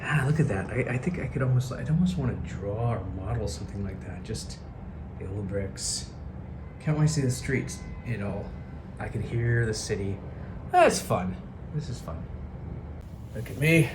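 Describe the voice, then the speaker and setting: A man's voice: lowish voice, expressive, moderate pace. A man vlogging casually from a hotel room, rambling and musing aloud, easily amazed by the view. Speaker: travel vlogger. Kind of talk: casual chat to camera. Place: hotel room by an open window. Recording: faint city noise behind.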